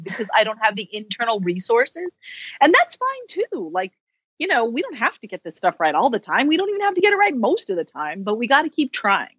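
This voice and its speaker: A woman's voice: on the high side, sing-song, fairly quick, fairly bright tone, husky, no echo, highs cut off. A woman who is a social worker, speaking as a podcast guest in a candid, chatty way with self-deprecating humor. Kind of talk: casual interview conversation.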